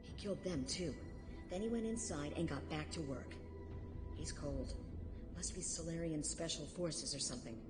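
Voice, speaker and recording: An actress voicing a frightened woman civilian in a sci-fi video game, low-voiced, over music. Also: normal speed, lightly acted. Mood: wary. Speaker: game character. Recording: game audio with music and room echo.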